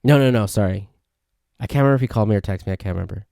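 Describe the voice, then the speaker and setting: A man's voice: lowish voice, racing, vocal fry, dark tone, no room sound, studio quality. A man hosting a casual solo podcast, telling rambling stories and often correcting himself. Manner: rambling, self-correcting storytelling. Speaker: podcast host. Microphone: podcast mic.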